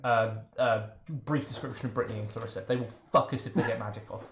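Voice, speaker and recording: A man's voice: fairly low pitch, fairly even intonation, quick pace, dull audio. A man playing a tabletop game, chatting eagerly and explaining the rules to a newer player. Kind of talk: casual chat at a tabletop game. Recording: echoey room, faint noise.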